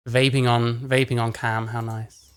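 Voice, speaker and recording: A man's voice: medium pitch, little pitch movement, slow, smooth. A man giving blunt, mocking, profane commentary as he reacts to a clip.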